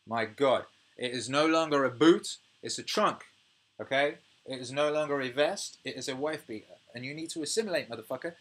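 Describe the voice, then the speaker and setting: A British man in his thirties hosting a casual livestream, reading viewer comments, swearing freely and ranting with animated energy. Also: medium pitch, a little fast. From United Kingdom. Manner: swears freely, animated rants, laughs often. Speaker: music producer and livestream host.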